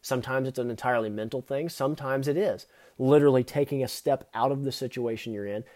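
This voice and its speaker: A man's voice: mid-range voice, fast, darkish tone. A man hosting a podcast, delivering an earnest motivational monologue that speaks straight to the listener. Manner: earnest, speaks straight to the listener with repeated second-person questions. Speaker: podcast host.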